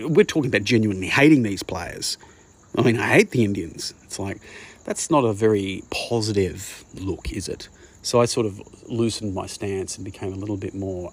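A man's voice: fairly low pitch, creaky, a little hiss or hum. A man with an Australian accent, talking casually in a rambling monologue and often saying "mate". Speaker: podcast host.

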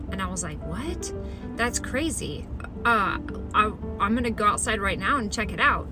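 A middle-aged woman telling a personal story in a chatty, animated way, acting out the voices of the people in it. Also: medium pitch, moderate pace, over music. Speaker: storyteller recounting her own experience. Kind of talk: casual spoken storytelling.

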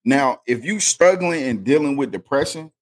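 A man's voice: medium pitch, expressive, moderate pace. A man co-hosting a faith podcast, talking in an emphatic, preachy storytelling way. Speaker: podcast co-host. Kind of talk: casual faith podcast chat.

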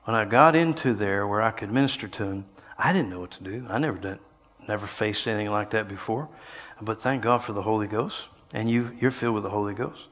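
An older man preaching a sermon, telling stories and swinging between quiet passages and loud, shouted lines. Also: on the low side, brisk, hardly any pauses. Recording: long hall reverb.

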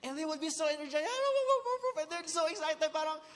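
Man, Filipino accent, preacher, sermon, high voice, emphatic and joking, long hall echo. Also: lively intonation, normal speed, a bit bright. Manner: emphatic, switches between English and Tagalog, jokes with the congregation.

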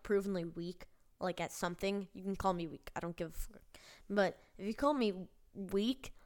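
A woman telling a personal story on her vlog in a rambling, halting way, with casual swearing. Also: medium pitch, clean tone. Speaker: vlogger.

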